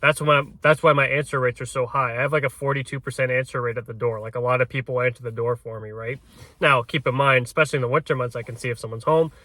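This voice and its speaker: Realtor guy giving tips, bright forceful voice, dry close sound, lots of "right?". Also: medium pitch, fairly even intonation, fast talker, no room sound. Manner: peppers sentences with tag "right?"; restarts and repeats words. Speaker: realtor coaching door knocking. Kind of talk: casual coaching talk to camera.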